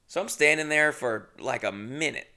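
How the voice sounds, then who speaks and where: Young dude rambling thru a funny story, swears a ton, gravelly but kinda bright voice. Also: male voice, mid-range voice, moderate pace. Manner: rambling, swears a lot, laughs at himself. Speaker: podcast host. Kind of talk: casual comedic storytelling.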